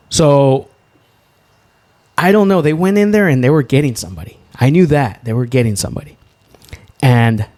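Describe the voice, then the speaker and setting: A young man co-hosting a podcast, telling a story in a loose, profane way and jumping up high when he gets excited. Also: no room sound. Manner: animated, profane, swings to high laughing exclaims. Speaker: podcast co-host. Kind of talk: storytelling in casual chat.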